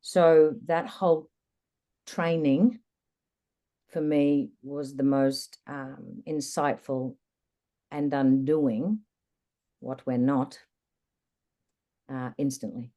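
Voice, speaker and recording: A woman guest in an interview, candidly recounting a personal experience in a reflective, lively way. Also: very deep voice, drawn-out words, pauses often. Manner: candid, reflective, animated retelling. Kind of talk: personal storytelling in conversation.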